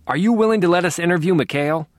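A man's voice: a little high, expressive, fast, a bit bright, husky, dry recording, studio quality, voice pushed up. A male audiobook narrator voicing an aggressive male TV reporter who speaks in a demanding, blurting way.

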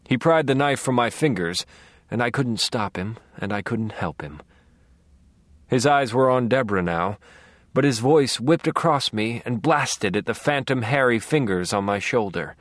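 A man narrating a dark first-person audiobook in a low, brooding, measured voice on a close studio mic. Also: lively intonation, dry recording.

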